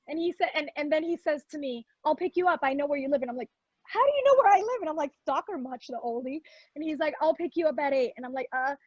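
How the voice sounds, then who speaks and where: A young adult woman telling a personal story in an animated way, acting out the other people's lines and mixing in Spanish words. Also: sits high, fast talker, dry recording, muffled recording. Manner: lively, acts out quoted voices, mixes in Spanish words.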